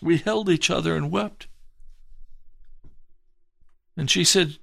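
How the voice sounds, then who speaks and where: A male pastor giving an earnest, emphatic broadcast sermon testimony, with slow, deliberate phrasing. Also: fairly high pitch, creaky, fairly bright tone, no echo, studio quality.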